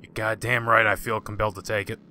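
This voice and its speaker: A man's voice: fairly low pitch, flat delivery, fast talker, pushed and bright, slight background noise. A man hosting a casual gaming let's-play, joking sarcastically and talking back to the game's characters. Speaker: gaming channel host.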